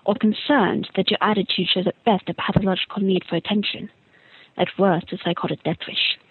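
A woman voicing a cutting, probing female tabloid reporter in a crisp, mocking, deliberate way. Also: mid-range voice, fairly even intonation, no room sound, pitched below the performer's own voice, lightly acted. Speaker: listener sending an impression. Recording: tinny phone-like recording.

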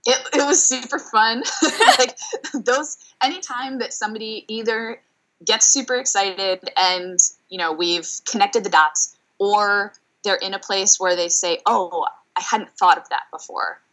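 A woman career coach answering interview questions in a thoughtful way, with frequent fillers and pauses. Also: mid-range voice, fairly bright tone, poor audio. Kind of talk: podcast interview.

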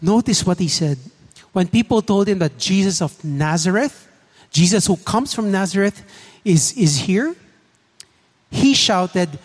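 High-voiced preacher in a hall. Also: male voice, lively intonation, measured pace, long pauses. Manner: earnest, asks the congregation questions. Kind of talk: sermon. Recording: echoey hall reverb.

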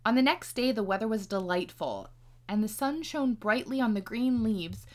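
A woman's voice: a little high, animated, moderate pace. A woman casually reading a fairy tale aloud, playful, with laughing asides. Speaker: storyteller.

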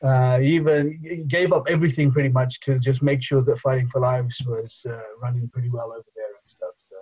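A man's voice: mid-range voice, steady tone, a little fast, darkish tone, slightly rough, lo-fi sound. A man from England, whose first language is Bengali, chatting loosely as an interview guest with lots of fillers. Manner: rambling, many fillers and "you know". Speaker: guest, engineering professor and charity founder. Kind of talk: casual conversational interview.

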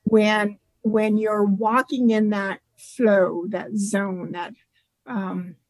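A woman author speaking as a guest in an interview, reflective and halting, often restarting her sentences. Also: medium pitch, flat delivery, a little mellow, no room sound, poor audio. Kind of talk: casual interview conversation.

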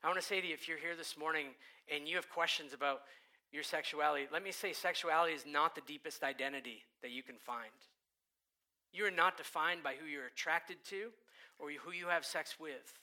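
A man preaching a sermon, animated, moving between loud passages and hushed ones and acting out the voices he quotes. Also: a little high, moderate pace. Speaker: pastor.

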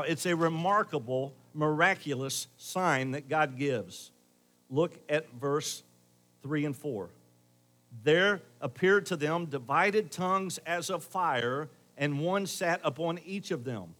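A middle-aged male pastor with a voice on the high side preaches a sermon, speaking conversationally to the congregation. He swings between loud emphasis and quiet asides.

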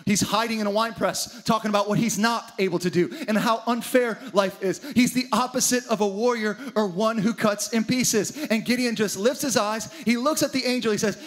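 A man's voice: high voice, normal speed, few pauses. A man preaching a sermon with dramatic energy, acting out the story's characters in his own voice. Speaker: pastor.

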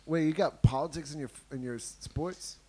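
A man from the United States joking sarcastically in a casual podcast chat, over loud crosstalk. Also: a little high, brisk, over a noisy crowd. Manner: sarcastic, deadpan jokes.

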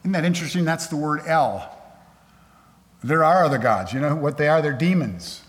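A pastor preaching a sermon in an emphatic, conversational way, from a church sanctuary. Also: male voice, fairly high pitch, expressive, moderate pace. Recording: echoey hall with long reverb.

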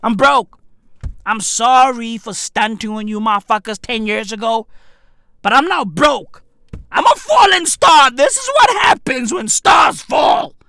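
A man putting on the voice of a broke fallen celebrity who shouts and begs for money. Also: very high-pitched, lively intonation, measured pace, no echo, heavily acted. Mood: pleading. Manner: shouted, whiny begging.

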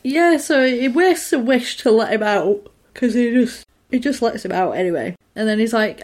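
A woman's voice: on the high side, normal speed. A woman, chatting casually as she recaps a film and acts out the characters' lines. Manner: animated retelling, acting out the characters' lines. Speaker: podcast co-host recapping a film. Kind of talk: casual chat.

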